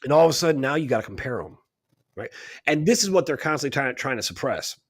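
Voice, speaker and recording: A man's voice: mid-range voice, sing-song, fast talker. A man co-hosting a radio talk show, talking in an emphatic, preachy way and often tossing in "right?". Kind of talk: casual spiritual talk.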